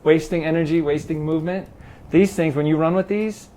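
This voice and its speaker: A middle-aged Los Angeles man who is president of a triathlon club tells stories in a casual interview in a garage, animatedly acting out the quoted dialogue. His voice is fairly high-pitched and fairly quick.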